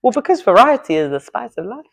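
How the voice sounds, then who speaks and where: This public-speaking coach keeps his studio video lesson casual and playful, joking about himself while demonstrating gestures. His high-pitched voice is gravelly and sing-song, and he talks fast.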